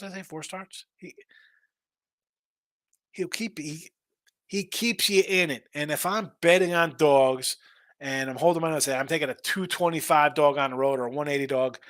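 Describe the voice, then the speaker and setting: Guy doing a betting stream, kinda high voice, dry close mic, keeps restarting and rambling. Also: a bit bright, no room sound. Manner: rambling, reads chat messages aloud; restarts and repeats words often. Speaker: sports betting show host. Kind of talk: casual live-stream betting talk.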